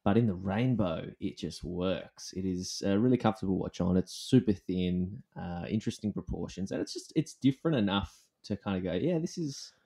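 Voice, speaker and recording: A man hosts a casual podcast chat. His voice sits very deep. He asks questions in a loose, joking way. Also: a little fast, gravelly, hardly any pauses, dark tone, breathy edge. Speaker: podcast host. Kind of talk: casual conversation.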